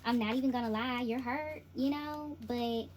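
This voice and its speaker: An intuitive tarot reader gives a casual reading, talking straight to the listener in an emphatic, repetitive, slangy, informal way. Her voice is a little high and a little mellow, steady at normal speed, on a low-quality recording with some hiss or hum.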